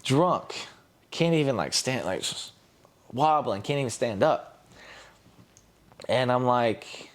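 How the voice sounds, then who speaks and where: A man's voice: medium pitch, lively intonation, slow pace, long pauses. A young man, a podcast guest, telling a personal story candidly and acting out what others said. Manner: candid, retells scenes with quoted voices. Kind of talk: casual storytelling.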